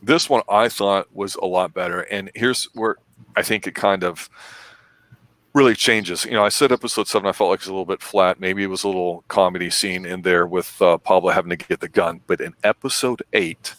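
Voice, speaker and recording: A man with a deep, low voice talks through a TV episode review in a steady, considered manner. The sound is dry and close, with no room around it. He speaks as a podcast co-host in casual chat. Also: a little fast, no room sound.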